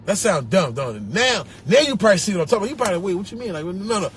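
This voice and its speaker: A young man with a Philadelphia accent ranting on a live stream, profane and animated, repeating himself and breaking into laughter. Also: sits high, very fast, slight background noise. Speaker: social media personality. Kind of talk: rambling live-stream rant. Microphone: phone.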